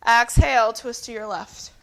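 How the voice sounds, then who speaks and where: A woman yoga instructor calmly cueing breaths and poses in a guided flow at home. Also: on the high side, moderate pace. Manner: calm, encouraging breath cueing. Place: home, dogs nearby.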